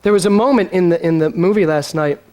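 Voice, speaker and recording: A male minister preaching a sermon, animated and emphatic, drawing replies from his congregation and speaking earnestly and emotionally. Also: high-pitched, fast talker.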